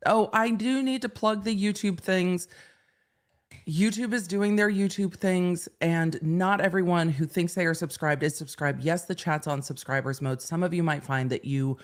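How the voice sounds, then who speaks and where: Low-voiced chatty woman hosting a livestream. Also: fairly even intonation. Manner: chatty, rambling, quick to laugh. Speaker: livestream host. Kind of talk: casual livestream chat.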